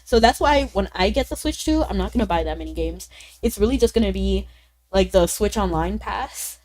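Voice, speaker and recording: A chatty woman streamer talking casually to her viewers, her voice a little altered because she is sick. She rambles in loose run-on sentences with small laughs, at a middling pitch for a woman. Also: darkish tone. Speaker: livestreamer. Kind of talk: casual stream chat reading viewer comments.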